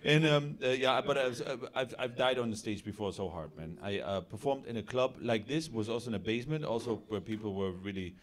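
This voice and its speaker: A man's voice: on the low side, fairly quick, few pauses. A man from Germany performing a stand-up comedy set in a club, laughing through his lines and talking with the crowd. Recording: live club recording with loud noise. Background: loud crowd laughter and noise.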